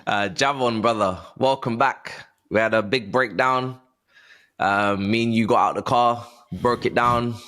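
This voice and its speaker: A man hosting a casual football fan podcast, talking in a lively, chatty way and often asking "do you know what I mean". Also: mid-range voice, a little slow. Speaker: podcast host. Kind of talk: casual chat.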